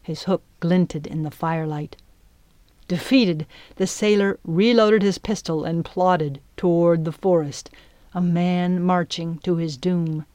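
A woman narrating an adventure storybook in a measured, expressive reading voice. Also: fairly low pitch, dry recording. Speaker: audiobook narrator.

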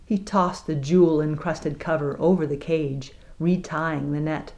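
A woman reading an audiobook aloud in a measured, expressive way. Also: low voice. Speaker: narrator. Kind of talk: audiobook narration.

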